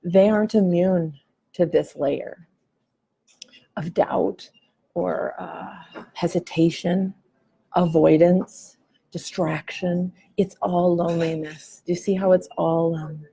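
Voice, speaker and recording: A woman's voice: fairly low pitch, fairly even intonation, slow, creaky, mellow, slightly rough, no echo, rough recording. A woman in her forties talking candidly in a coffee shop, musing loosely and swearing casually as a podcast host. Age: 40s. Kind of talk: candid reflective chat.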